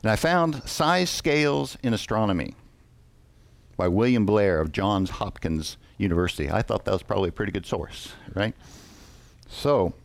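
This preacher has a lowish, animated voice with some vocal fry. During his sermon he poses questions to the congregation and reads passages of scripture aloud at a measured pace.

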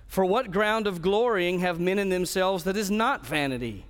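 A man preaches an earnest expository sermon, often restarting his phrases. His voice sits a little high for a man. Long reverb trails after him through the hall. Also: expressive, normal speed, smooth. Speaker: pastor.

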